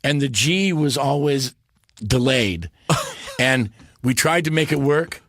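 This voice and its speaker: A man, a podcast guest, telling stories in a lively, animated way and slipping into character voices. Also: mid-range voice, slow pace, dry recording, studio quality. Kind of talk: casual interview storytelling.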